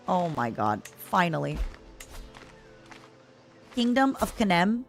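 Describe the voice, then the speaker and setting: A woman's voice: on the low side, sing-song, moderate pace, pauses often, soft background music. A woman VTuber streaming a strategy game, chatting casually and playfully pleading with the game as she plays. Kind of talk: casual live gameplay commentary.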